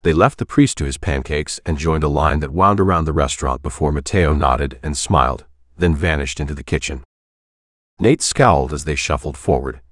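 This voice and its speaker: A man narrating an audiobook in a steady, even reading voice on a close mic. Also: extremely low pitch, no room sound. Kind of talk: scripted narration.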